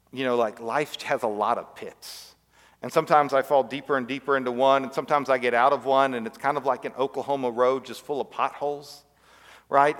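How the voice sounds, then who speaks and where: A pastor preaching a sermon, telling a parable and letting his voice sink to a hush on the words he stresses. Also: mid-range voice. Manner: storytelling, dropping to a hush on key words. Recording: long reverb.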